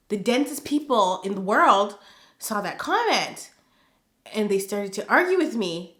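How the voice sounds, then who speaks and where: A woman's voice: medium pitch, very animated, measured pace, a bit bright, roomy sound. A woman hosting a casual gossip commentary, sassy and emphatic, driving her points home with a pointed "okay?". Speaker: commentary channel host.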